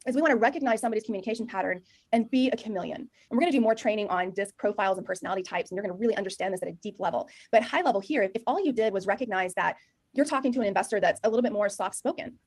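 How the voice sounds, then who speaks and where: A middle-aged Texan woman leads a sales training session, speaking loudly and emphatically. She talks at a rapid clip, with an ordinary mid-range pitch. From Texas. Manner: loud, emphatic, talks very fast. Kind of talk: energetic presentation to a room.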